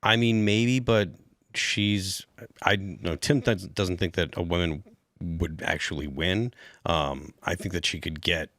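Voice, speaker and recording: A man co-hosting a panel podcast, talking in a hesitant, halting way with frequent restarts. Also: deep voice, steady tone, a bit bright, no echo, clean studio sound. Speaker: podcast co-host. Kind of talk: casual panel discussion.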